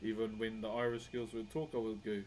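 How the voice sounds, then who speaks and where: A New Zealand man with a fairly low, darkish voice talks to live-stream viewers as he carves wood, relaxed and chatty, calling them all bro. His tone stays level and his pace brisk, and a slight hiss or hum sits under the audio.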